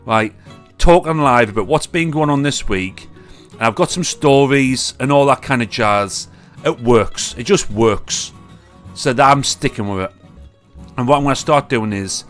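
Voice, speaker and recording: A chatty man with a Northern English accent hosts a relaxed live stream in a middling voice. He rambles through sweary banter with his mates, while faint guitar music plays quietly in the background. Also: mid-range voice. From Northern England. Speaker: podcast host. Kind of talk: casual live-stream chat.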